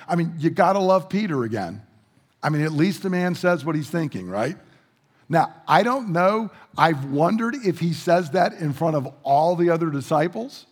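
A male pastor preaching a sermon, animated, acting out quotes and asking rhetorical questions in a church sanctuary. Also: fairly high pitch, a little slow. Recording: long reverb of a large hall.

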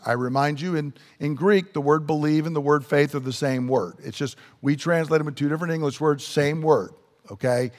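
Male preacher, earnest and emphatic, fairly high voice, lingering reverb of a hall. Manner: earnest, emphatic, slows down to stress key words. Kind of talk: sermon.

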